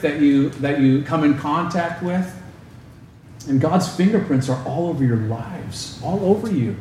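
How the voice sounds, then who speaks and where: A man preaching a sermon as pastor, asking the congregation rhetorical questions and moving between emphatic raised lines and slow, low stresses. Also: darkish tone. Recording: very echoey hall, faint background noise.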